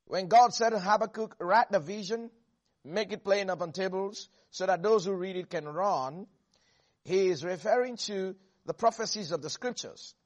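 A man with a notably high voice delivers a fervent evening sermon. He reads scripture in a measured cadence, then presses the congregation with questions and calls for them to repeat after him. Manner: emphatic preaching with call-and-response to the congregation. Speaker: preacher.

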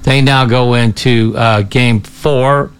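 A man's voice: mid-range voice, fairly even intonation, slow pace, clean tone. A man hosting a morning radio show in casual banter, chatty and tripping over hard words.

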